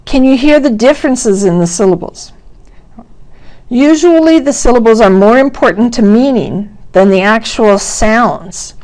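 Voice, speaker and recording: Slow, deliberate woman teaching pronunciation. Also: fairly high pitch, lively intonation, darkish tone. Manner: slow, deliberate, exaggerating sounds for demonstration. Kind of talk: instructional narration.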